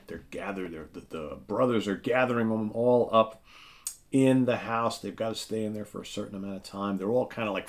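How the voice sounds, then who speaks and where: Low-voiced man chatting about comics. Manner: chatty, keeps checking in with "right?"; retells the plot and reads captions aloud. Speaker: comic book show host. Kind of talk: casual comic book walkthrough.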